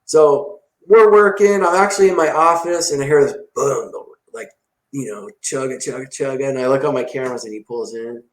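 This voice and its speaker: A man's voice: on the high side, fairly quick, few pauses. A man who runs a detailing shop, telling stories in casual podcast talk and acting out the dialogue. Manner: animated, acts out dialogue in story. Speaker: detailing shop owner, guest. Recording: roomy echo.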